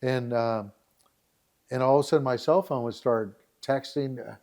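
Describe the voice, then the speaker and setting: A middle-aged man talking in a podcast interview, his voice sitting at a medium pitch. He tells stories with animation and acts out the scenes he describes. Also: moderate pace, a little mellow. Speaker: dating site founder, guest.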